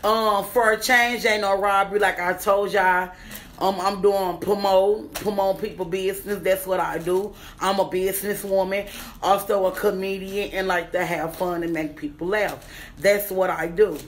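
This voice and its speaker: A young adult woman comedian, loud and excitable, swearing freely and chanting words over and over as she unboxes a gift bag on a casual livestream. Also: medium pitch, moderate pace, slight background noise. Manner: loud, excitable, profane, sing-song repeating. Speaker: comedian and businesswoman.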